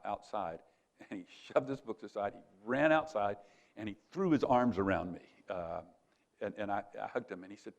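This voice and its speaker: An older man tells a story at a retreat in a relaxed, conversational preaching style, slipping into livelier voices when he quotes people. His voice sits low and carries a gravelly edge. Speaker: conference speaker.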